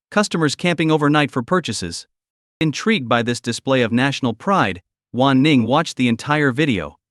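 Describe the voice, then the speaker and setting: A man narrating a recap story in a steady, scripted storytelling delivery. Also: a little high, no echo, studio quality.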